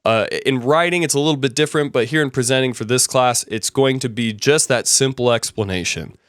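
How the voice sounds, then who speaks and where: A man's voice: medium pitch, brisk, no room sound. Male instructor, casual lecture, chatty storyteller, resonant and dry close sound. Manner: storytelling, conversational, many fillers and restarts. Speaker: business presenting instructor. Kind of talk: casual classroom lecture with anecdotes.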